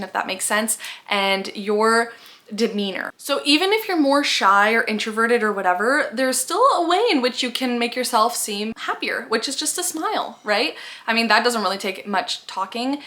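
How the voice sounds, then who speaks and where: Woman in her twenties, casual advice vlog, upbeat and chatty, bright tone, slightly high voice. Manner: chatty and upbeat, many "like" fillers. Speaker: vlogger.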